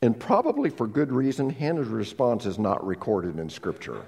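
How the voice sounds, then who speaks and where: Animated male pastor preaching in a hall. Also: mid-range voice, moderate pace, vocal fry. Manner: animated storytelling with humorous asides. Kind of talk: sermon.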